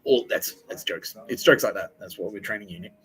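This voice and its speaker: This podcast host, a man in his forties, talks briskly in a lowish voice that is fairly bright and slightly rough, and the recording itself is rough too. Alone at the mic, he rambles, cracks jokes and swears a lot.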